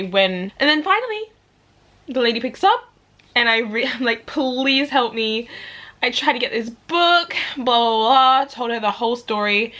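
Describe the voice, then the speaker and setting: A woman telling stories in a casual reading vlog, chatty and animated, acting out what people said and laughing often. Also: a little high. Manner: chatty storytelling, acts out quotes, laughs often. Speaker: book vlogger.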